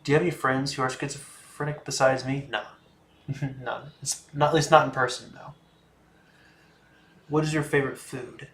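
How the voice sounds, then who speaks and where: A man's voice: medium pitch, flat delivery, normal speed, long pauses, fairly bright tone, echoey room, a little hiss or hum. A man in his twenties hosting a casual livestream, answering viewer questions in a laid-back, chatty way that often trails off. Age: 20s. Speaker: livestream host. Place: room in a home.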